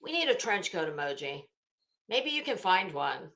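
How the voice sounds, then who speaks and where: A woman's voice: lowish voice, very animated, moderate pace, a bit bright. A middle-aged woman hosting a casual livestream from her home office, rambling and greeting viewers by name. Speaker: commentary livestream host. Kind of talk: casual livestream chat reading viewer comments.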